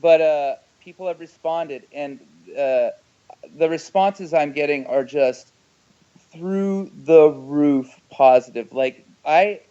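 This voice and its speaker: A man, an actor and screenwriter, giving emotional, halting interview answers and often repeating his words. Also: on the high side, dark tone, smooth, highs cut off.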